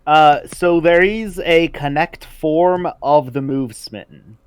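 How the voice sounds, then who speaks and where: A game master who narrates a tabletop game in an unhurried way. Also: medium pitch, smooth, no echo.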